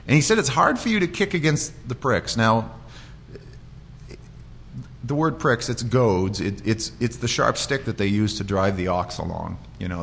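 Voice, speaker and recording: A man delivering a sermon in a church in a conversational way, with frequent restarts and lively quoted voices. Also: fairly low pitch, gravelly, slight background noise. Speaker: pastor.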